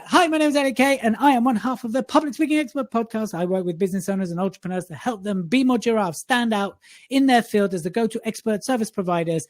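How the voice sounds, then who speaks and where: Teasing high-voiced male podcast host. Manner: teasing banter. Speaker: co-host, communication coach. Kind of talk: casual podcast chat.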